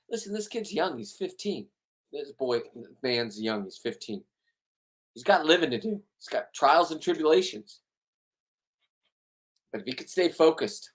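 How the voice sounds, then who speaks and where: A man's voice: medium pitch, a bit bright. A middle-aged man, a spearfishing boat captain, talking in a rambling, heated monologue full of swearing and repeated words. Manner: heated, profane, repeats himself.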